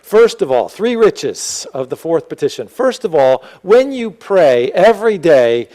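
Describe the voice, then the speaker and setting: A man preaching a sermon as pastor, animated and rising to emphatic exclamations. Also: a little high, a little slow, low-quality recording.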